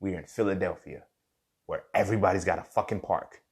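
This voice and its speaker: A man's voice: low-pitched, fairly even intonation, a little fast, darkish tone. A young man hosting a casual motivational monologue, swearing freely and telling a story while often asking if you follow him. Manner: profane, storytelling, keeps asking "you feel me". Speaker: podcast host.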